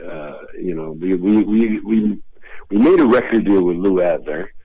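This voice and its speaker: A man's voice: low voice, animated, normal speed, no room sound. A male comedian telling rambling, laid-back anecdotes as a guest in a radio interview. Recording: dull lo-fi radio sound.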